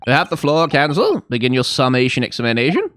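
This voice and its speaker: A man voicing a formal, measured older male judge presiding over a trial. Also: medium pitch, wildly swooping pitch, fairly bright tone.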